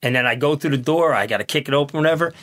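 A man, a police officer guest on a studio podcast, telling profane, laughing anecdotes in a casual, animated way. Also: medium pitch, very fast.

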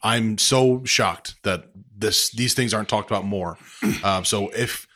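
A man hosting a podcast in casual chat, relaxed and talkative. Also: fairly low pitch, a little slow. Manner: relaxed, chatty with fillers. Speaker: podcast host.

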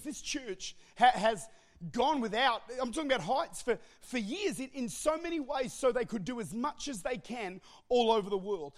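A man preaching to his church in a very high, strained voice. He is impassioned and often breaks into shouts, then cracks jokes in between. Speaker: pastor. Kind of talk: sermon.

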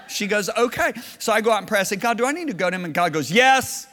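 A man preaching a sermon, telling stories and swinging from low, hushed lines to loud shouted bursts. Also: very animated, fairly quick, in a large hall.

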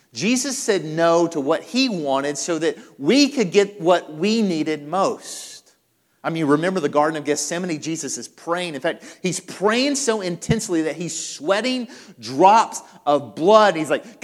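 Higher-voiced male pastor preaching in a hall. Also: expressive, moderate pace. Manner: emphatic preaching with repeated phrases. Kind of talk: sermon.

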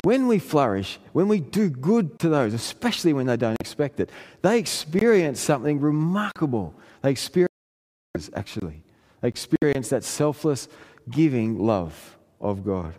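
A man preaching a sermon, telling a family story in an earnest way and rising in pitch when he presses a point. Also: sing-song, moderate pace, darkish tone. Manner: earnest storytelling, pitch climbing in emphatic passages. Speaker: pastor. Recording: long hall reverb.

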